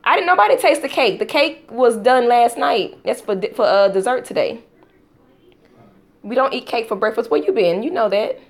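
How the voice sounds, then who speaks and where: A woman casually telling a storytime vlog at home, acting out quotes with sudden pitch jumps and breaking off to talk to her young children. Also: moderate pace. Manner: talks to her toddlers between story bits. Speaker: vlogger.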